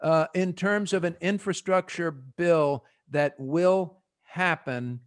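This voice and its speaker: A man with a New Jersey accent hosting a podcast panel, animated and joking as he prods his guests with quick questions. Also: fairly high pitch. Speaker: podcast host. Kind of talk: casual panel discussion.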